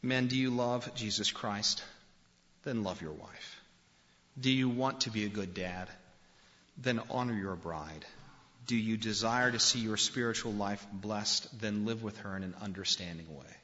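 A man's voice: on the low side, a little slow, pushed and bright. A man preaching a sermon, speaking earnestly and directly to the men in his congregation. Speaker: pastor. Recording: dull lo-fi recording in a reverberant hall.

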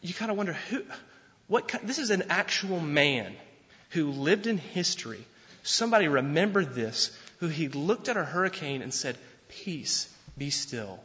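A pastor giving a sermon in an animated, conversational way, often restarting his sentences. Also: fairly high pitch, moderate pace. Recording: dull sound with long hall reverb.

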